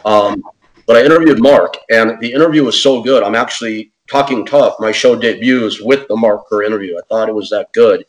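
A man telling a story as an interview guest in a casual, animated way, acting out quotes in other voices and saying "man" and "dude" often. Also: fairly low pitch, brisk, low-quality recording. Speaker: podcast host.

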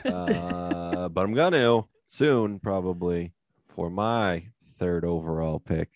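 A man's voice: deep voice, slow pace, no echo. A man co-hosting a casual podcast chat, sarcastic and mock-dramatic, swearing freely. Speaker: podcast co-host.

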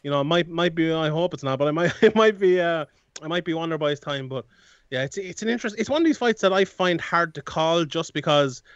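A man's voice: on the high side, expressive, fairly quick, dry recording. Chatty man on a dull line. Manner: rambling, many restarts and fillers, laughs often. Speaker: MMA analyst guest. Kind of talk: casual sports analysis chat.

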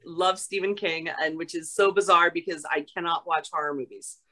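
Bright chatty woman from new york, animated storyteller, talking as a guest. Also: on the low side, moderate pace, poor audio. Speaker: guest, actress. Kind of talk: casual chat.

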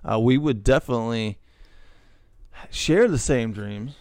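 Reading posts aloud on his podcast, this middle-aged man keeps the chat casual, with frequent laughter and jokey side comments. His mid-range voice is unhurried, darkish, clear and resonant, captured in a dry, studio-quality recording.

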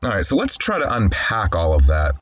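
A man's voice: sits low, huge pitch swings, brisk, slightly rough, dull audio. A man hosting film commentary, describing scenes and reading the dialogue aloud in a wry, conversational way. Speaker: host.

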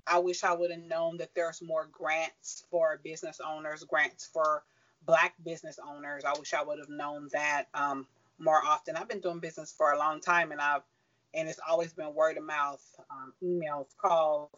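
A woman's voice: deep voice, little pitch movement, moderate pace, a bit bright. A woman being interviewed about running her own business, candid and rambling, with many fillers and quoted self-talk. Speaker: business owner guest. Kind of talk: casual interview answers. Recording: dull lo-fi audio.

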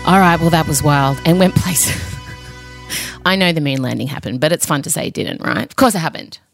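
A woman's voice: low voice, a little fast, vocal fry, music in the background. A woman hosting a podcast, teasing and giggling through a casual chat. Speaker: podcast host.

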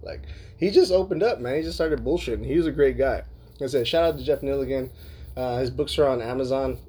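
Husky-voiced man hosting a casual podcast. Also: mid-range voice, fast talker, dark tone. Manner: loose and profane, full of fillers, laughs often. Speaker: podcast host. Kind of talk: casual podcast chat reading listener emails.

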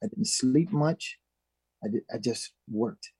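A man's voice: medium pitch, takes it slowly, husky, no echo. A man from Minnesota, a guest musician, telling a story in an interview and acting out the voices of the people in it. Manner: animated, acts out quoted voices.

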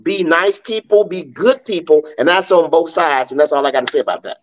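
A man with a voice a touch higher than most. He talks in a blunt, emphatic way and speaks straight to the fans. The sound is slightly dull and lo-fi. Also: fairly quick. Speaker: sports podcast panelist. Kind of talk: casual sports talk.

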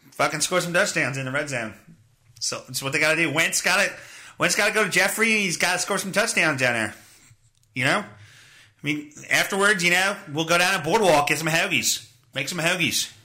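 A man's voice: a little high, pushed and bright. A man putting on a brash, dumb-sounding Philadelphia accent as a sports fan. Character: loud Philly sports fan guy.

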